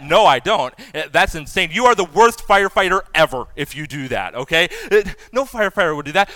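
Pastor guy preaching, animated, slightly high voice, dry sound. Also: fast, smooth, dry recording. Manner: animated, acts out imagined voices. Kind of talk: sermon to first responders.

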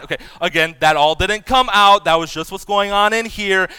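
A high, bright male voice preaching with lively, self-mocking humor. A pastor in his thirties, he slips into loud acted-out asides. The sound is clean and smooth. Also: moderate pace, no echo. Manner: animated, self-deprecating humor, loudly acts out quotes. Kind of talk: sermon.

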